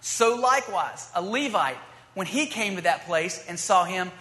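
Male preacher, high and bright, loose and chatty, acting out the scripture, echoing in a large hall. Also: lively intonation, moderate pace. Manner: conversational, acts out dialogue in scripture. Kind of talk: sermon. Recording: long hall reverb.

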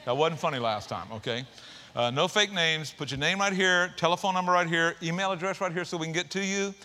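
A man preaches to his church with a high, bright, somewhat tense voice. He is energetic and conversational, slipping in jokes and casual asides. The delivery is a lively sermon. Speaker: pastor.

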